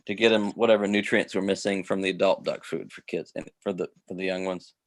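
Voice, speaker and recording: A man's voice: sits low, steady tone, brisk. A man talking casually on a video call, rambling with lots of restarts and fillers. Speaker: host.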